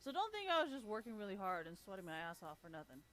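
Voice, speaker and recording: A woman's voice: mid-range voice, very animated, quick pace, a bit bright. Blunt, swearing woman streamer. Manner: blunt, heavy swearing, laughs often. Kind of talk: casual profane rant.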